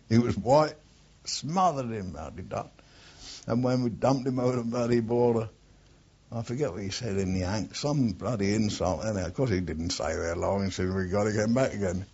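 A man's voice: fairly low pitch, a little mellow, slightly rough. Blunt older Englishman telling old stories. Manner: blunt storyteller with frequent swearing, drifts off topic. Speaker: interviewee, war veteran. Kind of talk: oral history reminiscence. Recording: dull lo-fi archive tape.

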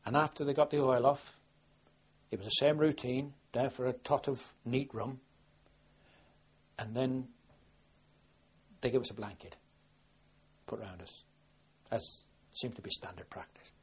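The speaker is an older man from southwest England, a war veteran, whose mid-range voice is slightly rough and measured, with long pauses. Recorded in dull lo-fi archive quality, his oral history meanders plainly and keeps restarting.

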